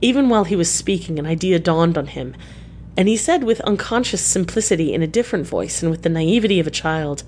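A woman reading a classic novel aloud as scripted narration, in a measured, even way. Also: fairly low pitch, a little hiss or hum. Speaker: audiobook reader.

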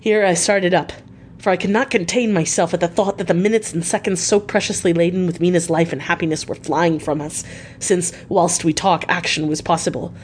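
A woman reads a novel aloud in a steady, measured manner. Her voice sits somewhat low for a woman. A faint hiss runs under the reading. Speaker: audiobook reader. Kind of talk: scripted narration.

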